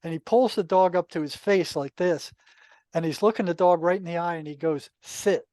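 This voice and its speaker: An older man, a retired therapist, telling anecdotes in a relaxed, conversational podcast interview, full of asides. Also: high-pitched, brisk, no room sound. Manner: relaxed, anecdotal, many asides and "you know". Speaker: podcast guest, retired psychotherapist. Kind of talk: casual storytelling.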